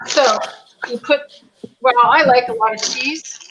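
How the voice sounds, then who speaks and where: A woman's voice: sits high, a little slow, low-quality recording. A woman from Canada making a dish on a casual video call, casual, apologetic and giggly. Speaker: guest cook. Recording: laptop mic with faint background noise.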